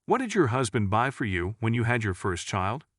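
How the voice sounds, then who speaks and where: A man's voice: medium pitch, big pitch swings, normal speed, dry recording, studio quality, close to an everyday voice. A man doing a boastful rich California woman.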